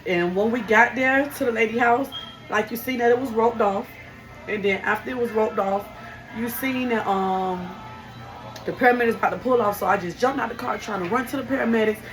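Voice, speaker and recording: A woman's voice: fairly high pitch, fairly quick, over music, poor audio. A young woman who works as a hairstylist speaks in a raw, heartfelt way, her voice straining with grief. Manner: raw, heartfelt, breaking with emotion. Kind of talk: personal storytelling to camera.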